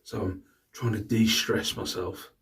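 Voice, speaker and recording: A man's voice: lowish voice, steady tone, a little slow, creaky, fairly bright tone, far from the mic. A middle-aged man, casually rambling to camera about his day and his resale finds, exasperated and swearing freely. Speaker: reseller vlogger. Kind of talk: casual vlog chat.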